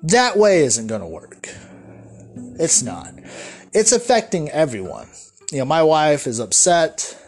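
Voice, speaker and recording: A man's voice: on the high side, very animated, measured pace, pauses often, a little mellow, faint music behind. A man delivering a solo podcast monologue, ranting in a rambling, profane way with lots of restarts. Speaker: podcast host.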